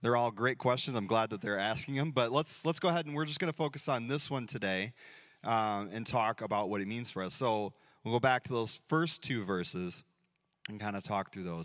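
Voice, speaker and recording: A man's voice: on the low side, normal speed, fairly bright tone, no room sound, studio quality. A man in his thirties preaching a sermon as pastor in a church, telling stories casually and playfully acting out dialogue. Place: church sanctuary.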